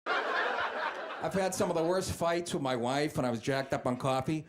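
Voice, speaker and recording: In a comedy club, a man with a slightly high voice performs a stand-up routine amid heavy noise and crowd laughter. His stories are fast, brash and profane, and he acts out the characters in different voices.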